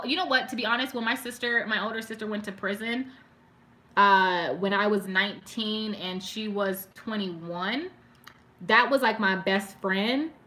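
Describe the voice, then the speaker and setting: A young woman talks with her viewers during a live stream, her voice bright and clear. She rambles in a loose, heartfelt way, leaning on "like" constantly. She stops here and there to read comments out loud. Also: medium pitch. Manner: chatty and emotional, heavy use of "like", reads viewer comments aloud. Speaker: beauty vlogger doing a live stream. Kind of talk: casual chat with live viewers.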